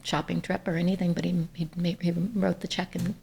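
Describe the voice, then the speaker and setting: A woman from Ohio, a nonprofit CEO, telling stories as a guest on a podcast interview in an earnest, animated way. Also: on the low side, fairly quick, creaky.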